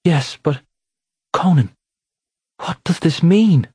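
A man playing a frantic, shrill mother. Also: lively intonation, slow pace, mellow, slightly rough, no echo, heavily acted. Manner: frantic, incredulous. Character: frantic Irish mother, a fairy woman.

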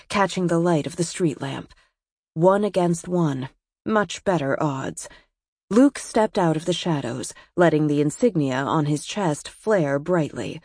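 Woman audiobook narrator, low voice, dry close sound, steady and measured. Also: dry recording. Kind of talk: scripted narration.

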